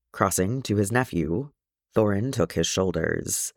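A man narrating a fan fiction audiobook in an expressive storytelling manner. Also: on the low side, measured pace, no room sound, clean studio sound. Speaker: audiobook reader.

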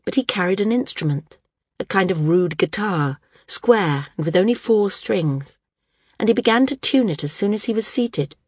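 A woman narrating a fantasy audiobook in a measured, descriptive way. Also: mid-range voice, expressive, breathy edge, no echo, clean studio sound. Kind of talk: scripted narration.

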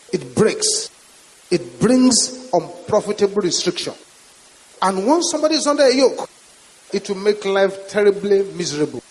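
A man with a Nigerian accent preaching a sermon as a pastor, with emphatic, repetitive declarations. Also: sits high. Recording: reverberant hall with faint hiss.

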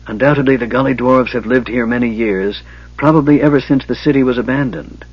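A man's voice: medium pitch, fairly quick, slightly rough, no room sound, natural voice. A man voicing a cool, cerebral young male mage who speaks in a detached, near-whispered way. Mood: coolly explaining. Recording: dull lo-fi recording.

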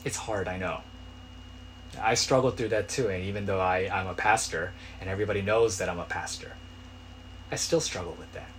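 A male pastor preaching a sermon in a conversational way, building to loud, pleading cries. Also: deep voice, fairly quick, a little hiss or hum.

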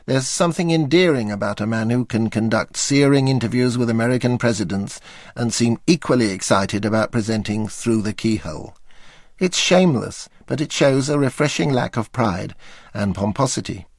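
An older man narrates his memoir with dry, wry understatement. His voice is gravelly with a rough fry at phrase ends. It is recorded close and dry, with no room sound. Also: mid-range voice, moderate pace, no room sound. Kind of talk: reading a memoir aloud.

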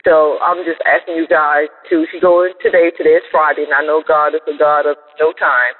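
An older man asks for prayer in an earnest, halting voicemail full of fillers. His voice is slightly husky and pitched a bit high. The phone line is thin and echoes. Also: little pitch movement. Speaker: caller. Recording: tinny phone line with reverb.

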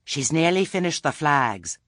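A man doing a dour, deadpan old woman. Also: fairly high pitch, unhurried, no echo, clean studio sound, voice pushed up. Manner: dark and deadpan. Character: dour, dry-witted old village woman.

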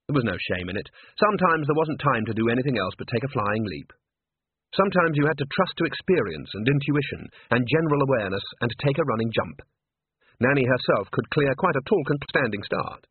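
A man narrating an audiobook in a measured, wry storytelling manner, on a dry lo-fi recording. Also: medium pitch, animated, breathy edge, no room sound. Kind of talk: scripted narration. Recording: dry, narrow lo-fi band.

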